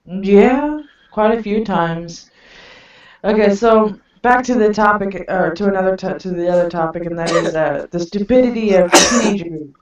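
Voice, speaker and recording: A woman's voice: mid-range voice, normal speed. A mother telling a story in casual chat, chatty and often laughing through it. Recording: echoey room, distant from mic, dull lo-fi sound.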